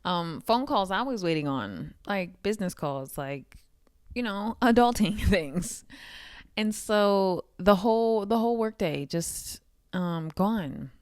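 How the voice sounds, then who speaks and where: A woman's voice: medium pitch, expressive, slow pace, a little mellow, dry recording, clean studio sound. A woman talking candidly to camera in a casual vlog, swearing now and then and laughing often. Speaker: vlogger.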